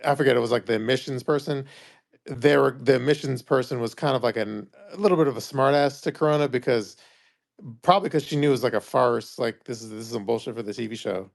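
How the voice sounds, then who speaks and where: A man's voice: medium pitch, quick pace, creaky. A man co-hosting a podcast, talking casually and hesitantly. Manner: hesitant, many fillers and restarts. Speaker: podcast co-host. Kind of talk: casual chat.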